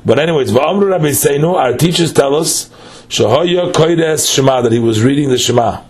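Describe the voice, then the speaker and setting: A man's voice: on the high side, a little fast. A man, teaching a text study lesson: he reads phrases aloud, then explains them line by line with patient questions.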